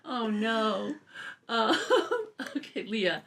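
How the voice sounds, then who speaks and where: A woman hosts a relaxed comedy podcast, laughing often between lines. Her voice is bright and swoops up and down, and she takes her time. A faint hiss sits under the recording. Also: high-pitched, measured pace, distant mic. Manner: giggly, frequent laughter. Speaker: podcast host. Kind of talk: casual comedy chat.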